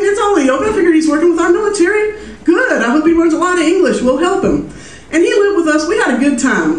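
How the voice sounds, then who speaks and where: A woman's voice: fairly high pitch, recorded from a distance, slight background noise. A chatty woman telling a personal story on stage at a small music venue, loose and self-amused with lots of fillers. Her voice reaches the mic from well back, washed in the room's echo, with a faint murmur of the place behind her. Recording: roomy live room heard from afar.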